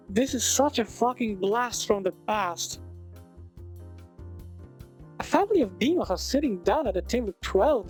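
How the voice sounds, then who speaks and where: A woman streamer reading a visual novel aloud at a fast clip, breaking off for sarcastic, profane commentary. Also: medium pitch. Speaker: let's play streamer.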